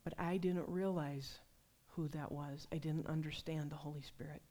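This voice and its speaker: Woman preacher, low voice, conversational sermon, animated storytelling. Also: moderate pace. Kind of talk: sermon with personal stories.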